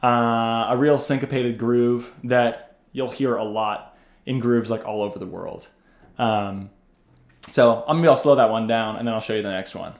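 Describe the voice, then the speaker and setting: Relaxed man teaching in a roomy space. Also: medium pitch, unhurried. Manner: relaxed, loose, with frequent ums and uhs. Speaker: bass teacher. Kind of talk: casual instructional talk. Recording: roomy echo with faint music.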